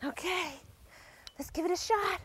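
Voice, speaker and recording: A woman's voice: very high-pitched, a little slow, a bit bright, a little hiss or hum. A woman working as a dog agility trainer outdoors, coaching and explaining as she works a dog, breaking into squealing praise and frequent laughter.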